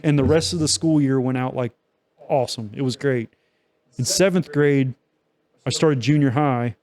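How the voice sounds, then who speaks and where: A man's voice: medium pitch, moderate pace, a little mellow. A young man co-hosting a podcast, telling a long story in loose, profane casual chat with many fillers. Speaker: podcast co-host.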